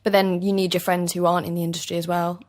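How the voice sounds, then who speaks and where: East London actress guest, young, lowish voice, chatty and easygoing, laughs easily. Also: female voice, level tone, a little mellow. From East London, England. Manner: chatty, agreeable, quick to laugh. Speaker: actor guest. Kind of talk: casual interview chat. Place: basement recording studio.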